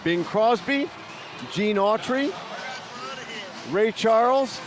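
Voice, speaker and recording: A man's voice: sits high, lively intonation, drawn-out words. A man co-hosting live parade coverage on TV, chatty, sometimes repeating words as he searches for them. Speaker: TV parade co-host. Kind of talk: live broadcast commentary. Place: outdoors at a parade venue. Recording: loud outdoor crowd noise. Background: noisy crowd.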